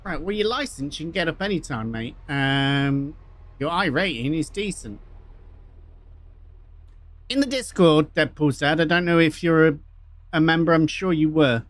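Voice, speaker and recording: A man's voice: a little high, normal speed, pauses often, dry recording. A man chatting casually to viewers while streaming sim racing. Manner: relaxed, chatty, matey. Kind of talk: casual livestream chat.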